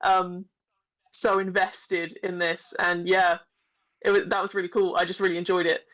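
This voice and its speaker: A woman's voice: fairly low pitch, flat delivery, moderate pace, a bit bright, low-quality recording. A woman co-hosting a podcast, chatting casually with lots of laughter and self-deprecating asides. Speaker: podcast co-host. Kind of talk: casual chat.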